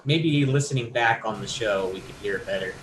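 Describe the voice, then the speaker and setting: A man in an echoey room talks over a video call with steady hiss behind him. He mostly answers in brief, quick reactions while another investigator tells his stories. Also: lowish voice. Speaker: fellow paranormal investigator.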